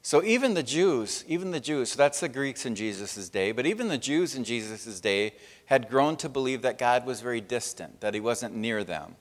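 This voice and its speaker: A man's voice: medium pitch, lively intonation, normal speed. A man preaching a sermon as pastor, in a conversational way that often checks in with "right?". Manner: conversational preaching with frequent tag questions. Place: church sanctuary. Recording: long church hall reverb.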